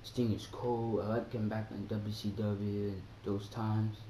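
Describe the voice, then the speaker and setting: An excitable young man vlogging about wrestling, now and then jumping into high yelps as he acts out how he reacted. His voice is dark and mellow. He sounds like he is in an echoey room with a faint hum behind him. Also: a little slow. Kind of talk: casual wrestling chat to camera.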